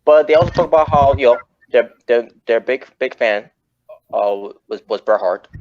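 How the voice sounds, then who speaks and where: A man's voice: mid-range voice, normal speed, darkish tone, a little hiss or hum. A man hosting a casual wrestling chat podcast, rambling and often correcting himself mid-sentence. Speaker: podcast host. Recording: muffled lo-fi audio.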